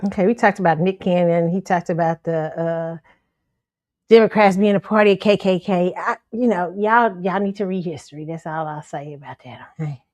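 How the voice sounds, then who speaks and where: A woman's voice: on the low side, moderate pace, no echo. Sassy, blunt woman host. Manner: blunt, sassy, animated, laughs often. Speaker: show host. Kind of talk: pop culture commentary livestream.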